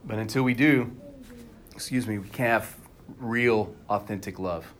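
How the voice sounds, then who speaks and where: A man's voice: lowish voice, unhurried, a bit bright, a little hiss or hum. A man preaching a sermon as pastor at a church service, talking candidly and conversationally to the congregation.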